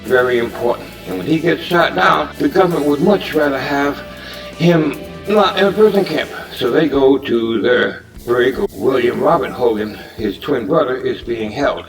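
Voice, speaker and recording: A man's voice: mid-range voice, expressive, normal speed, faint music behind. Rambling man, distant mic. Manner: meandering, restarts and fillers, uneven loudness. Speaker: fan pitching a movie idea. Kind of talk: casual rambling monologue.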